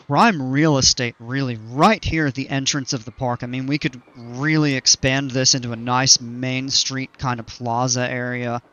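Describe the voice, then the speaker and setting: A man's voice: medium pitch, sharp tone, no room sound, dull audio. A man streaming a park-building game, thinking aloud casually with plenty of fillers and restarts. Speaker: gaming streamer. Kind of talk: casual gameplay commentary.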